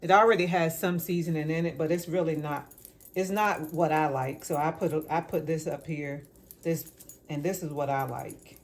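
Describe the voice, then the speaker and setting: A woman's voice: low voice, steady tone, moderate pace. A woman vlogging casually as she cooks in her home kitchen. She rambles as she talks and repeats words for emphasis. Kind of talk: casual cooking vlog chat.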